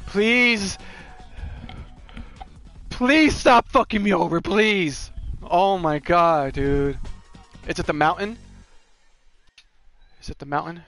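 A young man with a very high voice commentates his own gameplay. He drags his words out slowly and gets loud and excitable, swearing at bad luck. Faint game music plays behind him. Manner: excitable, swears, shouts and laughs at wins. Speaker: gaming channel host.

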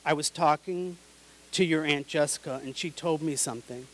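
A woman's voice: deep voice, moderate pace, a little hiss or hum, lightly acted, low-quality recording. A man voicing his older mother, loving but in denial, insistent and pleading. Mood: guarded.

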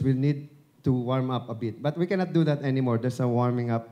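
Filipino man, mid-pitched, mellow tone, speaking to an audience: chatty, encouraging, joking, on a handheld mic. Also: fairly quick. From Philippines. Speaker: dubbing director and broadcaster giving a talk. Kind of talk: live speech at an event. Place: event venue before an audience. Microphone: handheld microphone held at the chin.

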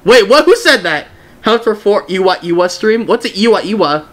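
A young man streaming a game, chatting casually with his viewers in an excitable, giggly way. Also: sits high, normal speed, noisy background. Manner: excitable, giggly, talks to chat. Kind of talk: casual live-stream chat.

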